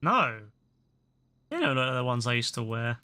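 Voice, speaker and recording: A man's voice: medium pitch, big pitch swings, moderate pace, sharp tone. A young man live-streaming a video game, talking casually with lots of swearing and mock-outraged banter.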